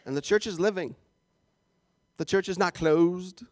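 A man from Canada preaching a sermon as pastor, animated and jokey with playful asides. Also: high-pitched, unhurried, dry recording, studio quality.

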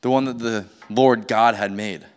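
A man's voice: lowish voice, fairly even intonation, normal speed, clear, resonant tone. Conversational male pastor in a reverberant hall. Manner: conversational, asks rhetorical questions. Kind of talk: sermon.

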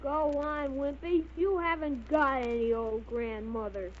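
Woman doing an eager cheerful young boy, high voice, plain and direct, dull old radio sound. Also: steady tone, a little slow. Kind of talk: 1930s radio acting. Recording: dull 1930s radio recording.

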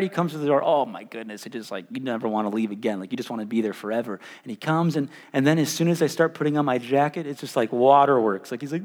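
A young man preaching a sermon as pastor, animated and stumbling over repeated words, swinging between loud and hushed. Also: mid-range voice. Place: church hall. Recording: live in a reverberant church hall.

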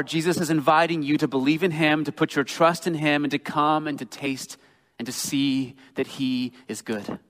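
Male preacher, slightly high voice, earnest and emphatic sermon delivery, long hall reverb. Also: a bit bright. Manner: earnest, emphatic, slows down for quoted scripture.

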